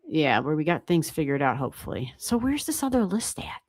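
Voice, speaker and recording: A woman hosting a livestream, chatting casually as she reads charts, excitable and laughing often, with casual swearing. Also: low-pitched, fairly quick, no echo. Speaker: astrology livestream host.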